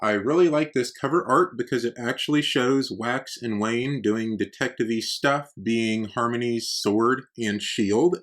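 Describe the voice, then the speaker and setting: A man's voice: medium pitch, a bit bright. A man hosting a book-collecting vlog, talking casually and enthusiastically as he shows off editions. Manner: enthusiastic, conversational, uses "y'all". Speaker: book collector channel host. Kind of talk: casual show-and-tell vlog.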